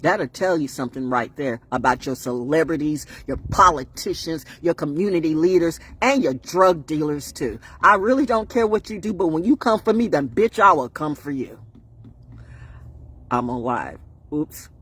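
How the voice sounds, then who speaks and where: A woman's voice: sits low, expressive, normal speed, hardly any pauses, fairly bright tone, slightly rough. A woman talking on a live stream in a rambling, preachy monologue, riffing with laughs and bursts of song.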